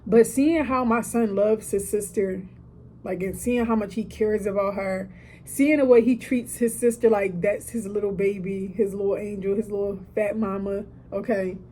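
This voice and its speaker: Mellow-voiced woman sharing gratitude. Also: mid-range voice, steady tone, moderate pace, a little hiss or hum. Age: 30s. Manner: emotional, preachy, asides like "listen" and "okay". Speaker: podcaster. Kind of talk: casual heartfelt monologue. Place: hotel room.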